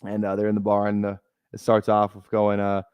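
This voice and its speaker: A young man from Minnesota chats casually on a live stream while drafting, rambling and joking with many restarts. His fairly low voice is completely flat in delivery and a little fast, with a clean tone, no echo, and the highs cut off.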